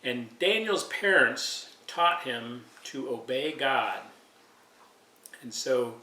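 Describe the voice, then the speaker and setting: A man teaching a preschool Sunday school lesson, patient and clearing his throat often. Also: mid-range voice, sharp tone. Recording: echoey room, far from the mic.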